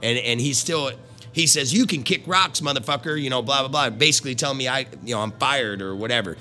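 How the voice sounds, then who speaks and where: A man's voice: medium pitch, fast talker, pushed and bright, faint music behind. A middle-aged man telling a story in a blunt, rambling, foul-mouthed way. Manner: profane, blunt, swears constantly; rambling with restarts. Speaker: former carnival worker. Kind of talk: casual storytelling.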